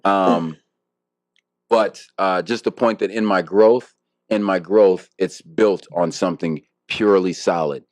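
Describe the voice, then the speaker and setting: Deep-voiced man musing in interview. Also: a little slow, a little mellow, dry recording, clean studio sound. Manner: rambling and reflective, many fillers and restarts. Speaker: harpist guest. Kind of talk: casual interview talk.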